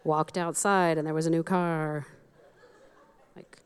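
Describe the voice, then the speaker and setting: Candid woman pastor preaching, low voice. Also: flat delivery, slow, clean tone. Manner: candid and self-deprecating, laughs at herself. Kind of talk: sermon.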